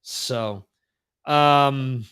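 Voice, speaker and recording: A man's voice: medium pitch, extremely slow, fairly bright tone, clear, resonant tone. A man hosting a casual talk show, rambling with frequent fillers and laughs. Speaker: podcast host. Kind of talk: casual chat. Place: lives in Spain.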